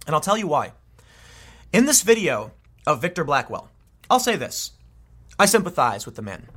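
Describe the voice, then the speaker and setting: A man's voice: on the high side, a bit bright. A man giving an opinionated commentary monologue, emphatic and often restarting his sentences. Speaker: political commentator.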